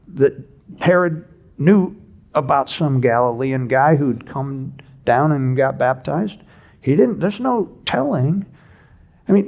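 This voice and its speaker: Husky-voiced man preaching conversationally. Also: on the high side. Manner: animated, conversational teaching with rhetorical questions. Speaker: pastor. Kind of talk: expository sermon. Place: church.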